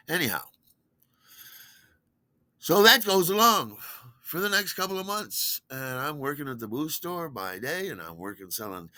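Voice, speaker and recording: Bright dry man telling rambling stories. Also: dry recording. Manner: rambling, acts out quoted dialogue with pitch jumps. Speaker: podcast host. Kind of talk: casual storytelling monologue.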